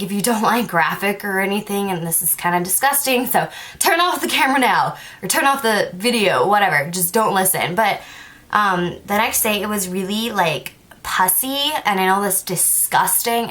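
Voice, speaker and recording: A woman's voice: medium pitch, a bit bright. A young woman vlogger telling a story in a casual monologue, filling it with "like" and acting out both sides of the conversations. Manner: chatty, says "like" a lot, acts out both sides of conversations.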